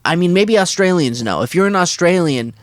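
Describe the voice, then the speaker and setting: A man's voice: high-pitched, expressive, fairly quick, dry recording, clean studio sound. A man co-hosting a comedy podcast, rambling and unsure, in casual chat. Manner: rambling, unsure, laughs often. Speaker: podcast co-host.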